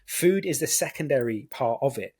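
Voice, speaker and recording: Male guest; earnest explainer who slows down for emphasis. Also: mid-range voice, lively intonation, darkish tone, breathy edge. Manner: earnest explainer, slows to stress key words. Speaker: guest health consultant. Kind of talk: casual interview chat.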